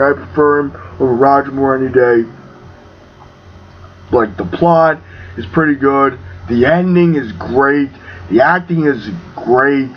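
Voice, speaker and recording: A young man giving an excitable, casual film review, full of fillers and swearing. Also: medium pitch, slow pace. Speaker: movie reviewer. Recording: dull lo-fi home recording with faint hiss.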